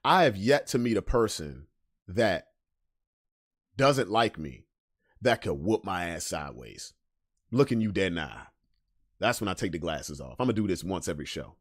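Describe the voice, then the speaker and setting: A man hosting a casual solo podcast and reacting to memes. He talks bluntly and profanely, swinging between loud emphasis and low asides. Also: sing-song, normal speed, no room sound, clean studio sound. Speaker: podcast host.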